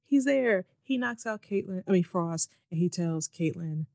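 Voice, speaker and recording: Woman, podcast co-host, casual and sarcastic, quick to quote characters; dry, close recording. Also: fairly low pitch, creaky, no room sound. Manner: animated, mocking, quick quoting of characters. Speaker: podcast co-host recapping a TV episode. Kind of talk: casual chat.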